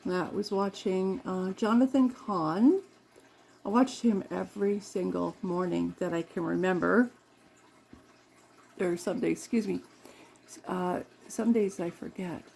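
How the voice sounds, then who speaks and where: Gravelly-voiced woman chatting rambly. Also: on the low side, unhurried, a little mellow, a little hiss or hum. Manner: chatty and meandering, with frequent laughs and self-corrections. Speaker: vlogger. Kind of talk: casual rambling chat while doing makeup.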